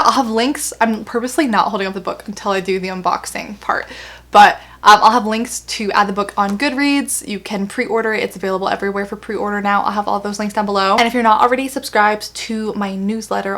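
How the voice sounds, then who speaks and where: A young woman chatting to camera at home as an author vlogger, bubbly and chatty, gushing with excitement over her new book. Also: medium pitch. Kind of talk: casual chat to camera.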